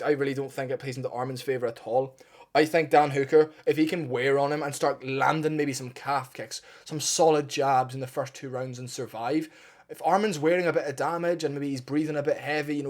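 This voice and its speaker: A man talking through an upcoming fight in a loose, unscripted way. He is blunt and partisan, swears freely and talks himself into strong opinions as he goes. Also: mid-range voice. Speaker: MMA fight analyst. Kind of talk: casual opinionated fight breakdown.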